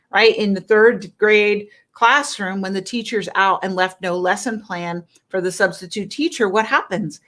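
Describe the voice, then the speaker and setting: A woman's voice: mid-range voice, fairly bright tone. A middle-aged woman health coach talking to viewers on a live stream, emphatic and persuasive, often tagging her points with "right?".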